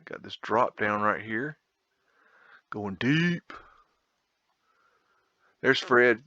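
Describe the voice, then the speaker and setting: A man's voice: fairly low pitch, expressive, drawn-out words, bright, forceful tone, no echo, highs cut off. A man hosting a casual photo tour, rambling, blunt and profane, with a folksy drawl. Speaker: video host.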